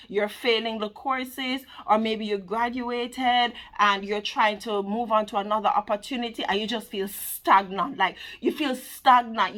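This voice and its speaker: A woman's voice: mid-range voice, fairly bright tone. Earnest woman giving a faith talk. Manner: earnest, preachy, laughs often; looks straight into the camera. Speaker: channel host. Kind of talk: faith-based motivational talk to camera.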